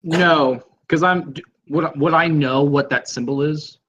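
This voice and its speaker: A man playing a tabletop game, speaking slowly and hesitantly. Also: a little high, steady tone, fairly bright tone, dull audio, a little hiss or hum. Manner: slow, hesitant, trailing off. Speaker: player. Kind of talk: casual tabletop play.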